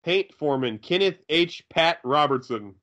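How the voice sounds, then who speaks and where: Chill wry guy riffing on a movie, bright voice. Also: on the high side, lively intonation, moderate pace. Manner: laid-back, wry. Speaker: co-host.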